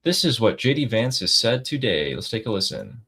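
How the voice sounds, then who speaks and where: A man's voice: fairly low pitch, big pitch swings, moderate pace, bright, forceful tone, breathy edge. A man co-hosting a casual livestream, reading out news updates and reacting to them. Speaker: political commentary co-host.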